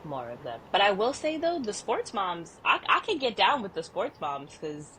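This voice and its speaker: A woman in her thirties co-hosting a podcast in casual chat, animated and expressive, laughing often as she tells stories. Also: medium pitch, normal speed, slight background noise. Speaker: podcast co-host.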